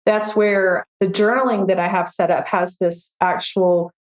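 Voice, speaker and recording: A woman, a financial therapist, talking through her approach in a relaxed podcast conversation, often giving examples and voicing her clients. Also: medium pitch, measured pace, echoey room. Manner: reflective, explains with examples and quoted client voices.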